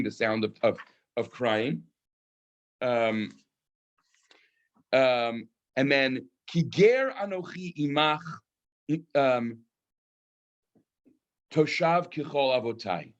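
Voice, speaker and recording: Guy teaching scripture study, reads hebrew then explains, lots of ums, mid pitch. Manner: thoughtful, frequent ums, reads Hebrew verses then translates. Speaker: teacher of a text study class. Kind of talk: online text study lecture.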